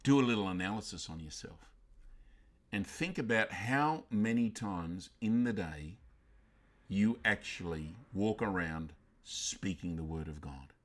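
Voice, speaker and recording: A male pastor preaching a sermon emphatically, swinging from loud bursts down to quiet, intense lines. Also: sits low, unhurried.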